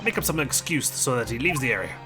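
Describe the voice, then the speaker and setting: Guy playing a grand theatrical detective, lively swoopy voice, game music behind. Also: medium pitch, quick pace, close to an everyday voice. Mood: scheming. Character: pompous eccentric male British detective.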